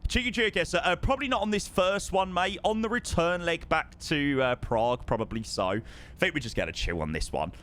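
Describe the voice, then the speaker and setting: Man, livestreamer, fairly high voice, bouncy sing-song delivery, effusive, repeats his thanks over and over. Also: expressive, fairly quick, fairly bright tone, a little hiss or hum. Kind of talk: live stream chat over a flight simulator.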